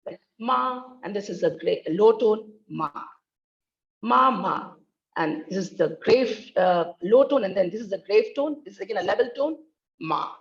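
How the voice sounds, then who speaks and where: A woman's voice: mid-range voice, a little fast, hardly any pauses, dark tone, muffled recording. A woman giving an academic talk on linguistics, speaking carefully and demonstrating tones with examples. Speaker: linguistics researcher presenting.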